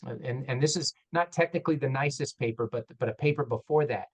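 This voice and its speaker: A man's voice: medium pitch, fast talker, low-quality recording. A man, an orthopedic surgeon, tells stories in a panel discussion, candid and self-deprecating, acting out the dialogue as he goes. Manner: animated, acts out dialogue in quotes.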